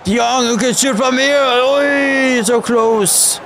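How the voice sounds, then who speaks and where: Excitable young man commentating a football game. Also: very high voice, slow pace, gravelly, some chatter behind, a little hiss or hum. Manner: excitable, frustrated outbursts at the referee. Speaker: gaming YouTuber.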